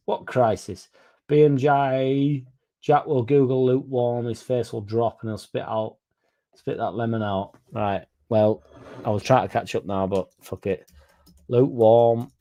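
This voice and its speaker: A man's voice: on the low side, dark tone. A young man, chatting casually and swearing as he reads out comments on his fan stream. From England. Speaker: fan channel host reading live chat. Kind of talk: casual live-stream chat.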